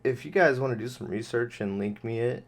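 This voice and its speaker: A man's voice: mid-range voice, fairly quick. A man giving casual, sarcastic, exasperated commentary on a video clip.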